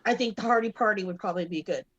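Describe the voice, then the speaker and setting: A woman talks through wrestling matches in a loose podcast chat, her pitch sitting in a middle range. She rambles, trails off, restarts and leans on fillers, and she can break into loud excited yelling. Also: racing, dull audio, crowd noise. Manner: bursts into loud excited shouting. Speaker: guest co-host.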